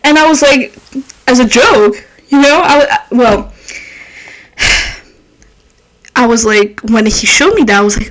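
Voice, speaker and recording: Young woman, French native speaker, high voice, animated, swears a lot, casual podcast storytelling. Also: moderate pace, low-quality recording. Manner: animated, swearing, laughing, rambling. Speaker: podcast host.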